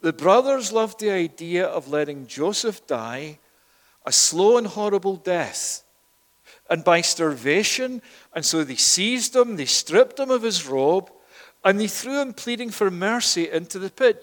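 Emphatic preacher in an echoing hall. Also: male voice, sits high, lively intonation, a little slow. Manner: emphatic, rising and louder at key points, with repeated words. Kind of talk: sermon. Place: church. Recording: long echo of a church hall.

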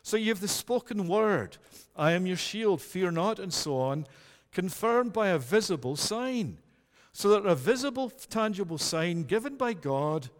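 A man's voice: high-pitched, long reverb tail. A man preaching an earnest, emphatic sermon, pressing his listeners with questions.

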